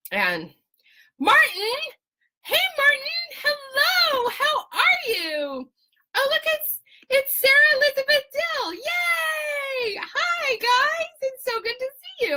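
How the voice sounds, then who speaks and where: A woman's voice: medium pitch, sharp tone. A woman hosting a live video stream from home on a webcam, chatting with viewers in a casual, profane way.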